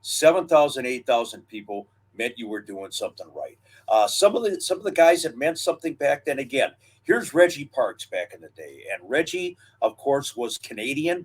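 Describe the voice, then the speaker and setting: A man's voice: mid-range voice, husky. Older guy telling old wrestling stories on a podcast, lots of uhs, easygoing. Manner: storytelling, reminiscing, drawn-out pauses and fillers. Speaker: wrestling history podcast co-host. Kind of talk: casual historical chat.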